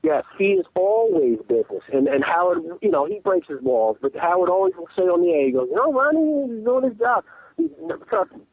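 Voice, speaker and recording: A man's voice: sits high, sing-song, fairly quick, no room sound. A middle-aged man telling stories as a guest in a casual interview. He talks animatedly and repeats words as he starts sentences. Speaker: radio show regular as a guest. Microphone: telephone. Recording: tinny phone line, dry.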